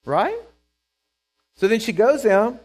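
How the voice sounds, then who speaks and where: Man, preaching, chatty and lively, acts out characters. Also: high-pitched, slow pace. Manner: conversational, checks in with the congregation; acts out Bible characters in quoted voices. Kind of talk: sermon.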